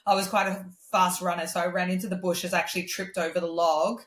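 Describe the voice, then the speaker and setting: A woman speaks as a guest, candid and earnest as she tells her stories in easy conversation. Her voice sits a little low for a woman. The room around her adds a clear echo. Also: flat delivery, fairly quick. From Australia. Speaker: guest singer-songwriter. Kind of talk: casual conversation. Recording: roomy echo.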